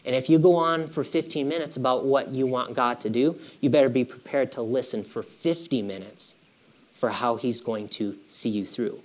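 A man's voice: medium pitch, moderate pace. A man preaching a conversational sermon, emphatic and repetitive, often checking in with his listeners. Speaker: pastor.

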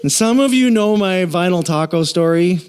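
A middle-aged man, the pastor, preaching a sermon in an animated, self-deprecating storytelling way. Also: high-pitched, normal speed, smooth.

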